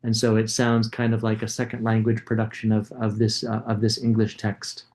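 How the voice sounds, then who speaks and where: A man's voice: on the low side, completely flat delivery, normal speed, darkish tone. A man giving a coding lecture, casually thinking aloud and demonstrating code as he goes.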